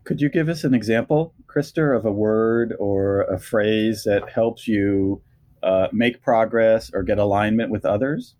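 A male podcast host with a low voice. He asks his guest questions in a measured, reflective manner. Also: darkish tone. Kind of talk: interview questions.

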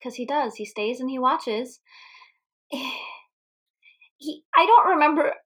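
A young woman co-hosting a casual movie recap podcast, animated and quick to laugh, swearing freely. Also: high voice, husky. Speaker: podcast co-host.

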